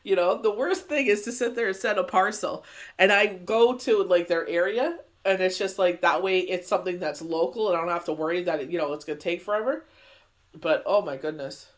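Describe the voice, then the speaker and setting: High-voiced chatty man. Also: brisk, fairly bright tone. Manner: rambling, chatty, heavy on "you know" fillers. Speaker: tarot reader. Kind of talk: casual daily tarot reading.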